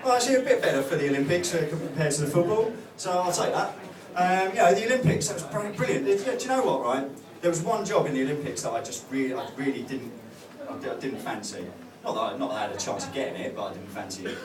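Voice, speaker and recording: Lively intonation and a quick, nearly pauseless pace mark this fairly high male voice. Onstage at a comedy club, his set is rambling and halting, full of fillers and restarts. The recording comes from far off in a roomy club, with the audience laughing loudly.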